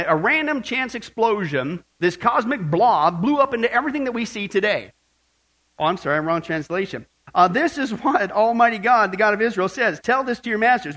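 A man with a high voice preaches a sermon. He reads scripture aloud and puts questions to his listeners. He mixes jokes and emphatic asides into his preaching. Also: pushed and bright. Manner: emphatic, joking, asks questions of the audience. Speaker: pastor.

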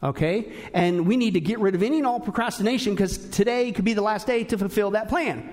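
A male pastor preaching a sermon in an emphatic, animated way, with frequent asides to his listeners. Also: high-pitched, fast talker.

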